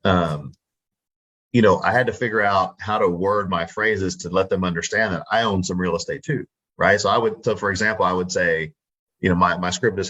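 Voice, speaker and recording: A man's voice: low-pitched, normal speed, sharp tone, slightly rough, dull audio. A Texan man, a real estate wholesaler, chatting confidently in an interview and acting out his phone scripts. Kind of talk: casual interview talk.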